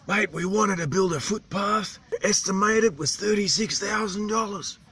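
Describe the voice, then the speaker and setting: Man putting on an animated islander, high, drawling, fed-up storyteller. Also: unhurried, slight background noise, exaggerated voice. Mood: indignant. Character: animated older male islander, chain-smoking storyteller.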